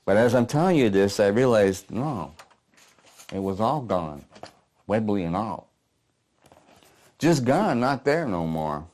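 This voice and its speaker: Man reading a gruff old veteran, low-ish voice, blunt and profane. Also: big pitch swings, slow, pauses often, darkish tone. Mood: weary. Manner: coarse, blunt storytelling with swearing. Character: old war veteran, gruff, haunted, working-class. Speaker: playwright reading his play aloud. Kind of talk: dramatic monologue reading. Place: apartment living room.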